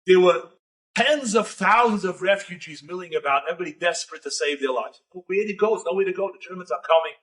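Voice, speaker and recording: High, bright-voiced rabbi telling a story. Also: male voice, quick pace, recorded from a distance. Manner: animated, building dramatic tension. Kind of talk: storytelling lecture.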